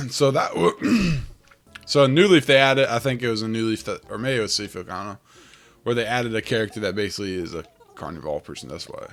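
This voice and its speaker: A man with a lowish, gravelly voice, still rough from waking up, talks his way through a game. He rambles and thinks out loud in a relaxed way. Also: brisk. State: rough morning voice. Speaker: game streamer. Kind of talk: casual gameplay commentary.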